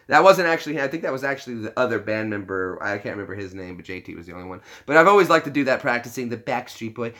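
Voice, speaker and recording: A man rambles through a casual live-stream chat, his voice bright and forward. He circles through fillers and restarts, teasing himself and laughing often as he talks to his viewers. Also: medium pitch, animated, rapid-fire, few pauses. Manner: joking, self-deprecating, laughs often.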